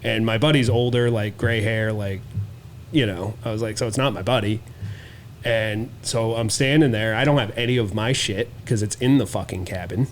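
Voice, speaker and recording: A man's voice: lowish voice, moderate pace, slight background noise. A man co-hosting a podcast, telling a wild story in casual, profane chat and acting out the quotes. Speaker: podcast co-host.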